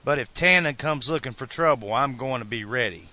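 A man's voice: medium pitch, brisk, bright, forceful tone. A man reading an audiobook, voicing a brash teenage boy who sounds defensive and rattled.

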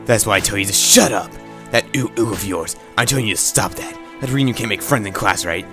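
A man's voice: lowish voice, fast, pushed and bright, soft background music. A man reading a stern scolding mother. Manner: scolding, exasperated. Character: stern, short-tempered young mother.

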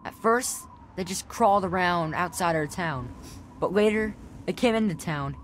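A woman's voice: on the low side, normal speed, slight background noise, natural voice. A woman voicing a scared, whiny young boy. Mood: explaining. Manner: scared, whiny, breathless pleading. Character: frightened young boy survivor, pleading. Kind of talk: video game dialogue.

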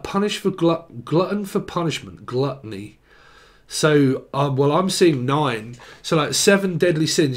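A man giving a rambling, jokey solo tarot reading, free-associating and trying out silly voices. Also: on the high side. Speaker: tarot reader.

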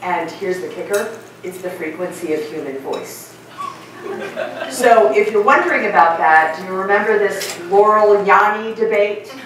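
A middle-aged woman giving a lively conference keynote and asking her audience questions. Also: medium pitch, normal speed, a crowd in the background. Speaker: keynote speaker. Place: large conference hall. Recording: echoey hall, mic from far off.

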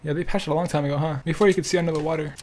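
A man's voice: fairly high pitch, fairly even intonation, very fast, darkish tone, faint music behind. A young man giving casual, joking commentary while he plays a game and talks to other players and viewers. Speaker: gaming streamer.

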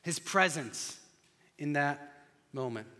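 A male pastor preaching a sermon, telling the story dramatically and swinging between loud and hushed delivery. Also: on the high side, expressive, takes it slowly. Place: church sanctuary. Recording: long church reverb.

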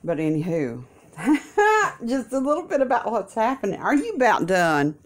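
Here the woman speaks in a mid-range, sing-song voice at a fairly quick clip. She's a vlogger caring for her mom, chatting folksily over breakfast in her home kitchen and slipping in religious comments.

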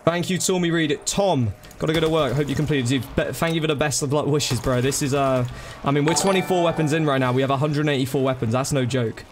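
A man's voice: on the high side, fast, hardly any pauses, noisy background. A man chatting casually to viewers during a live gaming stream, thanking them by name and calling them bro and dude.

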